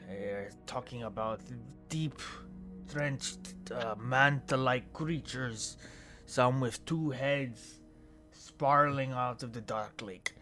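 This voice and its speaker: A man voicing a calm male tavern owner in a tabletop game. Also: mid-range voice, normal speed, soft background music, close to an everyday voice. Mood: hospitable. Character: male tavern owner standing firm in his home.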